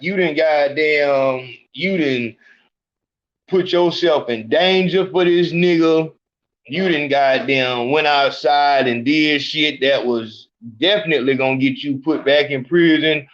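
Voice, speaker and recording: A man's voice: fairly high pitch, normal speed. A man hosting a podcast, giving blunt, profane street commentary in a preachy way. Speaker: podcast host. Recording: dull lo-fi sound.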